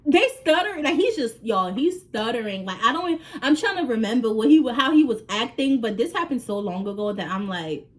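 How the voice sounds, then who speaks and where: A woman vlogger tells a story to her viewers in a casual, slangy way with plenty of swearing. Her voice sits slightly high and swings widely as she acts out every scene. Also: expressive, fairly quick, few pauses.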